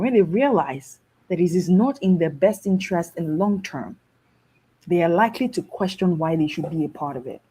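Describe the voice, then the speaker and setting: Nigerian woman guest on a talk show, husky voice, animated and laughy. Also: fairly low pitch, moderate pace, poor audio. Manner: lively, laughing, switches into mimicked voices.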